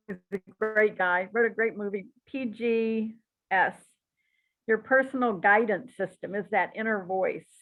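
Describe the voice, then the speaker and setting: A woman teaching a psychic class in a relaxed, chatty and encouraging way, with frequent asides. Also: a little high. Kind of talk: relaxed spoken class talk. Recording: tinny phone-like audio.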